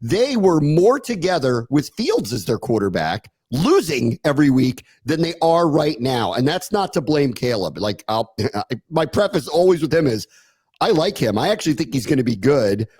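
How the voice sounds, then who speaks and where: A man co-hosting a sports podcast, animated and sarcastic, laughing often in casual talk. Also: fairly high pitch, moderate pace, breathy edge, dry recording. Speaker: podcast co-host.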